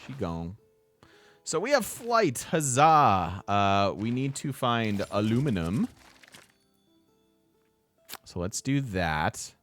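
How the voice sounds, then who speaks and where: A man's voice: mid-range voice, big pitch swings, takes it slowly, pauses often, a bit bright, faint music behind. A man casually commenting on a strategy game while he plays, laughing often and chatting with his viewers. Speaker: let's play host.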